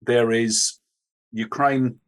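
A man co-hosting a radio chat show, speaking in a measured way with dry, sarcastic humour. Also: mid-range voice, fairly even intonation.

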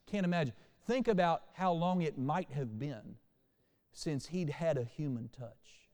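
Animated male preacher in a reverberant hall. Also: fairly high pitch, unhurried. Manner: animated preacher, shifts from quiet to loud. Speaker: pastor. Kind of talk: sermon. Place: church sanctuary.

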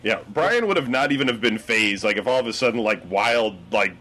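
A man's voice: mid-range voice, animated, brisk, sharp tone. A man hosting a casual chat with friends, asking the questions that steer the talk. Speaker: host.

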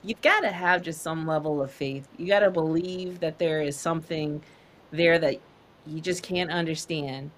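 A woman's voice: low-pitched, moderate pace, a bit bright, slight background noise. A woman podcast host answering questions in a casual chat, earnest and encouraging, laughing easily.

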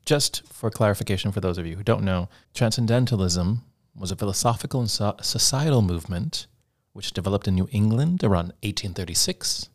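A man with a fairly low voice co-hosts a podcast. He speaks in an earnest, explanatory way and keeps it casual and conversational. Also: expressive, a little fast. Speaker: podcast co-host. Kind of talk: casual chat.

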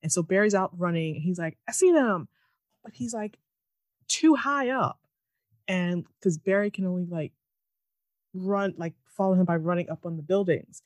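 Woman, podcast co-host, casual and sarcastic, quick to quote characters; dry, close recording. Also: fairly low pitch, no echo. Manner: animated, mocking, quick quoting of characters. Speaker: podcast co-host recapping a TV episode. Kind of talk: casual chat.

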